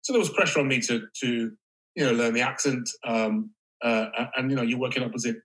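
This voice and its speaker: A male actor speaking as an interview guest, halting and reflective, with casual swearing. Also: medium pitch, fairly bright tone, poor audio. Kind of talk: candid interview conversation.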